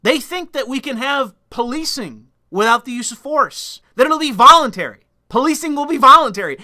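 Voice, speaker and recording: A man's voice: very high voice, lively intonation, normal speed, few pauses, pushed and bright. A man delivering a solo commentary rant in a blunt, profane, emphatic way. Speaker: political commentator.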